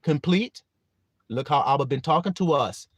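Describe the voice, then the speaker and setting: Animated man preaching a live-stream sermon. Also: fairly high pitch, normal speed, no echo, highs cut off. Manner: animated preaching, greets viewers by name, laughs often; reads scripture aloud, asking listeners questions.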